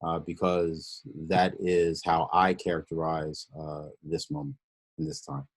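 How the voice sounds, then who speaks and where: A man with a very low voice, speaking as a pastor in an online panel. He talks earnestly and in a measured way, often pausing on fillers and repeating words. The sound is dry and close. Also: little pitch movement, dry recording. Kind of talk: panel discussion remarks.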